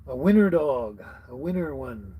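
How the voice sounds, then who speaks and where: A man's voice: medium pitch, big pitch swings, unhurried, husky, narrow, tinny audio. A man hosting a casual livestream, greeting each viewer by name in a friendly, chatty way. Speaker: livestream host. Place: tiny house on wheels.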